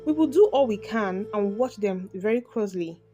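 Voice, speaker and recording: A woman voicing a calm, reassuring hospital doctor in a narrated storybook tale. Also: mid-range voice, moderate pace, lightly acted. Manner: calm, soothing. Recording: background music.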